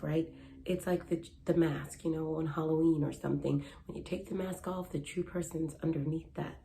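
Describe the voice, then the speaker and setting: A young woman speaks in a casual advice vlog, earnest and chatty, driving her points home through repetition. Her voice sits slightly low and sounds warm and mellow. A faint ambient hum stays under her throughout. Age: young adult. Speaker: matchmaker.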